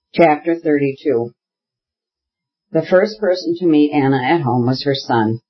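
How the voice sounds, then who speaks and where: A man narrating a classic novel as an audiobook, in a measured, even reading. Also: a little high, breathy edge, highs cut off. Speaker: audiobook reader. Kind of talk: scripted narration.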